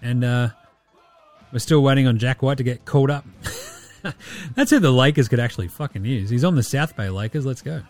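A man's voice: mid-range voice, moderate pace, pauses often, darkish tone, faint music behind. A man with an Australian accent hosting a casual sports podcast, crude, sarcastic and full of swearing. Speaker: podcast host.

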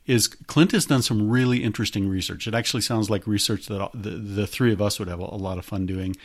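A man's voice: on the low side, steady tone, a little fast. A middle-aged man hosting a podcast, talking in a rambling way with lots of hesitations. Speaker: podcast host. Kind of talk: casual podcast chat.

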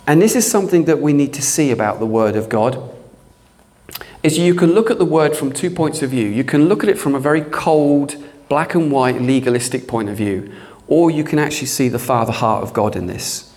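A man's voice: mid-range voice, fairly quick. A middle-aged man preaching a fervent sermon, often breaking into hallelujah and amen. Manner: fervent, animated, fond of interjections like hallelujah and amen.

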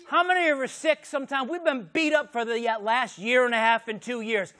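A man preaching a sermon as pastor, swinging from shouted exclamations to hushed, intimate lines. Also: very high-pitched, brisk.

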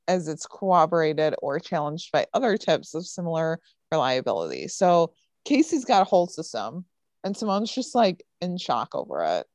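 A woman's voice: lowish voice, dry recording. A woman casually recapping a TV episode for a podcast, chatty and full of fillers.

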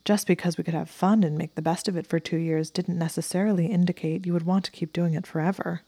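A woman voicing a smug but devoted young male wizard, speaking his lines dryly and earnestly in her own low voice. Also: steady tone, fast, warm tone, husky, dry recording.

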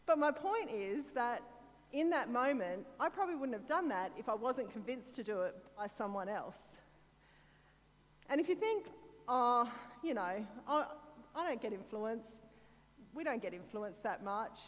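Her Australian accent marks this Sydney church speaker as she gives a chatty sermon full of stories and self-deprecating remarks. She speaks at a normal speed in a slightly high, sing-song voice, with a long reverb tail.

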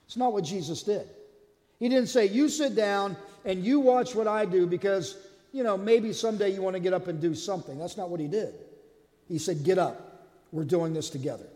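A man preaching a sermon as lead pastor, telling stories and acting out the quotes with lively energy. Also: high-pitched, moderate pace, big-room sound. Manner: animated storyteller, acts out quotes.

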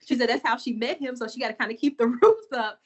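A woman, chatting casually as a podcast co-host and recapping a TV episode in an animated storytelling way. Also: on the high side, quick pace, slightly rough. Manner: animated storytelling, addresses listeners as y'all. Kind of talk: casual chat.

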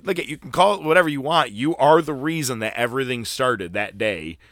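A man hosting a wrestling podcast, telling a profane, animated story and acting out what people said. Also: mid-range voice, brisk, no echo, clean studio sound. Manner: profane, animated, acts out quotes. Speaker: podcast host. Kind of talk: casual storytelling chat.

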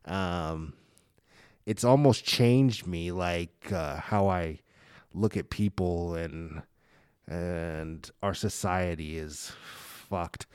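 A man's voice: low voice, drawn-out words, clear, resonant tone, no room sound, clean studio sound. Profane, stammering man telling stories. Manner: swears constantly, animated storytelling; stammers and restarts often. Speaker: guest telling personal stories; father of a young daughter. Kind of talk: casual profane chat.

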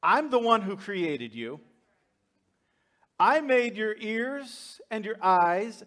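A man's voice: high-pitched, very animated, slow, fairly bright tone, heavily acted. A man preaching a sermon, voicing a patient but exasperated male God who teases and reassures. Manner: teasing, reassuring.

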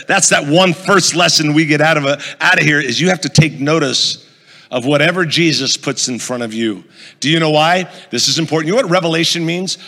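A man's voice: fairly high pitch, pushed and bright, in a large hall. A male pastor preaching a sermon, telling a funny story and quizzing the audience as he goes. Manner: storytelling, asks the audience questions, jokey.

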